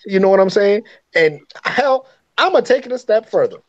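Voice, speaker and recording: A man's voice: sits high, very animated, moderate pace. A man from Africa co-hosting a podcast, talking in blunt, profane, opinionated casual chat. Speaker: podcast co-host. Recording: muffled with faint noise.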